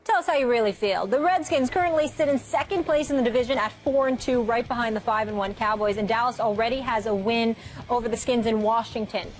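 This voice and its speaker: A woman moderating a sports debate show in a brisk, matter-of-fact way. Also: a little high.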